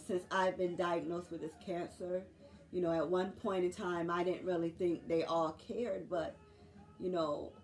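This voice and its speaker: A woman in her forties speaking in an earnest, halting video diary, pausing often as she talks. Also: lowish voice. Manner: earnest, halting, faith-filled, with many pauses and fillers. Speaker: nurse sharing a health journey.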